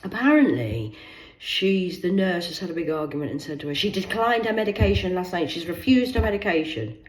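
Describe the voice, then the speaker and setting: Low-voiced woman ranting in an echoey room. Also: expressive, fairly quick. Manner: swears freely, jumps between loud bursts and muttered asides. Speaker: vlogger. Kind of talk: rambling personal storytime monologue.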